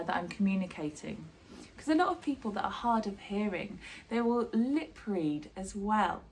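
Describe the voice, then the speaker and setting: A woman, a drama teacher, giving a chatty and encouraging online sign language lesson. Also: medium pitch.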